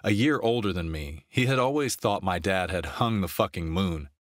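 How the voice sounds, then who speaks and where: A man narrating a romance novel in an even, steady storytelling voice on a close mic. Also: deep voice, moderate pace, no room sound. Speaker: audiobook narrator.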